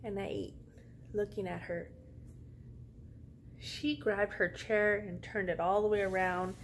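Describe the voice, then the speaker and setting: A woman's voice: medium pitch, measured pace, slight background noise. A woman vlogger telling a story in a casual way, sassy and full of slang. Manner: sassy, slangy, animated retelling.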